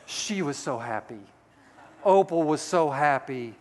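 A man's voice: a little high, animated, unhurried. A male pastor in his sixties preaching a sermon, telling a personal story with folksy, self-deprecating humor. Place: church sanctuary. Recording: long hall reverb.

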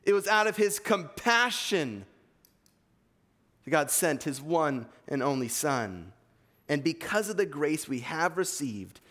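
Man, east coast american accent, earnest sermon, slightly high pitch, long hall reverb. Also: a bit bright. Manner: earnest, emphatic preaching with Bible reading. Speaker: pastor.

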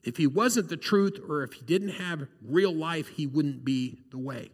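Earnest conversational male pastor, high voice, long reverb. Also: measured pace. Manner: earnest and conversational, often asks "right?". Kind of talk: sermon.

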